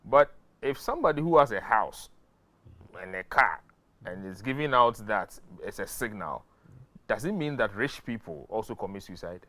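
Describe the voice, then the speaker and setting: A man's voice: lowish voice, expressive, bright, forceful tone, dry recording. A man with a Ghanaian English accent hosting a talk show, asking probing questions with many restarts. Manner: probing, halting, restarts often.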